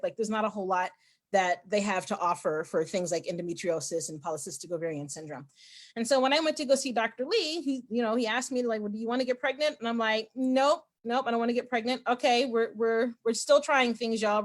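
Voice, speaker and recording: A woman hosting a video call, telling a story in a chatty, animated way and acting out the dialogue of the people in it. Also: on the high side. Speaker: meeting host.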